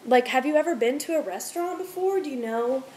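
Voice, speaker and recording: This is a casual chat to camera by a woman in her twenties who works as a restaurant server; she rambles, swears freely and rants heatedly at home with the TV on. Her high-pitched voice has lively intonation, runs a little fast and sounds a little mellow.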